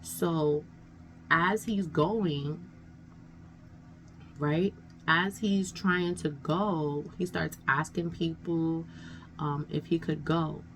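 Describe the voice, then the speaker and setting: A woman's voice: deep voice, fairly even intonation, extremely slow, long pauses, slight background noise. A woman telling a personal story in a casual, rambling way, full of "like" and "um," sounding exasperated as she talks it through. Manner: rambling, many fillers like 'like' and 'um'; exasperated, talking things through out loud. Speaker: storytime vlogger.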